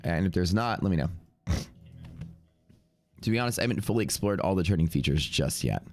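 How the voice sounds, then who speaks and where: A young man with a deep, low voice and a stuffy, sniffly nose talks offhandedly through a live trading stream. He mutters numbers to himself as he works, then turns to chat with viewers in a relaxed, casual way. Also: fairly quick. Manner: offhand, thinking aloud while reading out numbers. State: congested with sniffles. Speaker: live-stream day trader.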